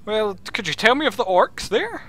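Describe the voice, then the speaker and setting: Guy doing a high, bright, polite wizard who bosses zombies around, all formal and fussy. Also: big pitch swings, moderate pace, a little hiss or hum, exaggerated voice. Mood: genteel. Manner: formal, overly polite, hesitant phrasing. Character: courtly male wizard commanding zombies, smug host.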